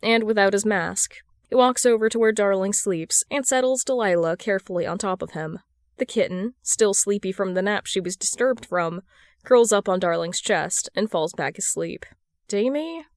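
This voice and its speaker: A woman reading a fan fiction story aloud as a podfic narrator, in a steady storytelling manner. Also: medium pitch, moderate pace, no room sound, clean studio sound. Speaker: podfic reader.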